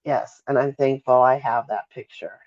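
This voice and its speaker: A middle-aged mother gives an emotional interview over a call, often halting, apologizing and losing her thread. Her very deep voice is a little mellow, fairly even in intonation and at normal speed, and the call audio is dull and lo-fi.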